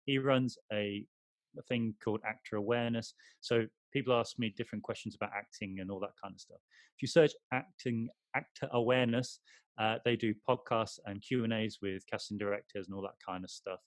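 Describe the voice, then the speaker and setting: A man's voice: on the low side, steady tone, a little fast, no room sound. A man co-hosting a podcast in casual chat, teasing and playful in banter. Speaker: podcast co-host.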